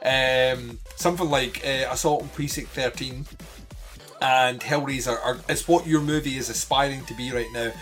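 A man's voice: mid-range voice, fairly even intonation, moderate pace, a bit bright, soft background music. A man co-hosting a podcast, chatting casually and animatedly about a film, swearing and laughing often. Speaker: podcast co-host. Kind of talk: casual movie review chat.

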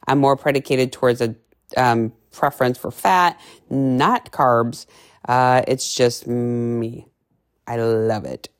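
A woman nutrition coach talking casually and bluntly, cursing freely and acting out little scenes. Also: extremely low pitch. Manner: brash, profane, animated storytelling with playful voices. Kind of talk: casual podcast monologue.

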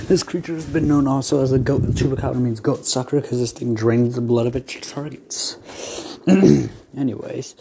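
A man hosting his own creature battle show, reading lists haltingly, stumbling over words and clearing his throat often. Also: mid-range voice, fairly even intonation, mellow. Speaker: host of a creature battle channel. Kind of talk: casual read-out narration.

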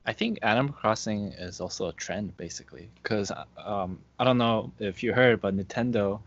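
Low-voiced man in casual chat. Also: moderate pace. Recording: dull lo-fi recording.

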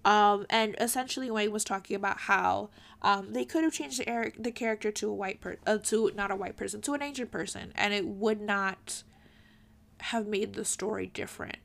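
A woman's voice: mid-range voice, moderate pace, gravelly, a bit bright. A young woman giving an earnest, pointed opinion commentary straight to her viewers. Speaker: commentary vlogger.

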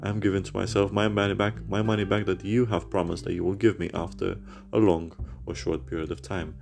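Man, deep creaky voice, phone-recorded rant podcast; bitter, rambling, foul-mouthed. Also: little pitch movement, brisk, over music. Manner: bitter, rambling, swears heavily. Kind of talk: personal rant.

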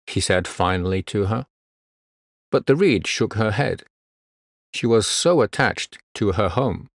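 A man reads a storybook tale aloud at a very unhurried pace. His low voice rises and falls a great deal, and the recording is close and dry. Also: animated, dry recording. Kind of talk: storybook narration.

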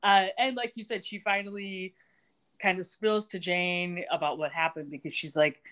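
A woman's voice: fairly low pitch, steady tone, normal speed, fairly bright tone. Giggly chatty woman recapping. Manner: chatty, giggly, often laughing mid-sentence. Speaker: podcast co-host. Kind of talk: casual episode recap.

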